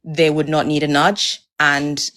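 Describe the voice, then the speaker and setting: A woman's voice: low-pitched, little pitch movement, measured pace, a bit bright. A woman from Nigeria, calling in for dating advice and speaking hesitantly and self-deprecatingly. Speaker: caller. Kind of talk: casual chat.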